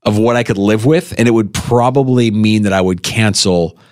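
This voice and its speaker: A man hosting a sports radio show, talking casually and animatedly, his pitch leaping when he makes a point. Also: moderate pace, a little mellow. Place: radio studio.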